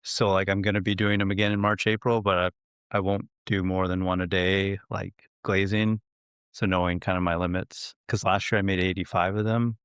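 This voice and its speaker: A man who makes pottery, a guest in an interview, talking in a relaxed, plain-spoken way and laughing lightly. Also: sits low, a little fast, smooth, dry recording, clean studio sound. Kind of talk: casual interview chat.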